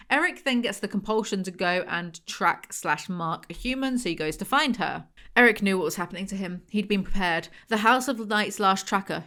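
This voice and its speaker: A woman's voice: mid-range voice, fairly bright tone. Sarcastic young woman. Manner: sarcastic, mocking asides. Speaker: book reviewer. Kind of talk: reading a novel aloud with snarky commentary.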